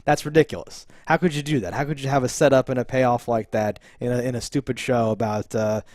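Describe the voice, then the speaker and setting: A man co-hosting a casual TV review chat, animated and laughing often as he acts out scenes. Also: mid-range voice, a little fast, no echo, clean studio sound. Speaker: podcast co-host.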